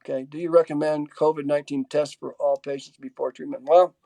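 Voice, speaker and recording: Man, webinar speaker on a video call, mellow and dry, halting, stop-start answers. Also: fairly high pitch, fairly even intonation, creaky, dry recording. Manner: halting, many restarts and fillers, reads out audience questions. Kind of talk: casual Q&A in a webinar.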